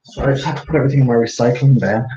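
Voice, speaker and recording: A live-streaming craft seller races through a casual, rambling chat full of fillers as he presents his crafts to viewers. His voice is mid-range. Expect roomy, dull lo-fi audio with a faint hiss.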